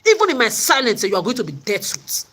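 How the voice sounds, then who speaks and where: Angry woman ranting hoarsely. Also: on the high side, very animated, quick pace, sharp tone. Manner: confrontational, ranting, repetitive. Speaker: vlogger. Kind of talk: angry monologue to camera.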